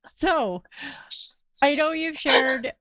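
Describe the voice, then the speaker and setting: A woman's voice: high-pitched, sing-song, very slow, pushed and bright, no room sound, studio quality. Giggly woman hosting a show. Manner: chatty, giggly, loose and informal. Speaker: podcast host. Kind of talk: casual live-show hosting.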